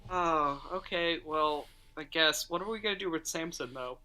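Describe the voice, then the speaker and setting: A mid-pitched player with a bright voice joins a tabletop game. The speech is casual and playful, with quick jokes. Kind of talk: casual tabletop role-play chat.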